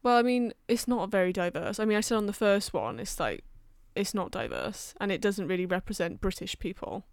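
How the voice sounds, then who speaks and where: A woman's voice: medium pitch, animated, a little fast, few pauses, no echo, studio quality. A young woman in her twenties co-hosting a podcast, talking bluntly and swearing freely in casual chat. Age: 20s. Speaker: podcast co-host.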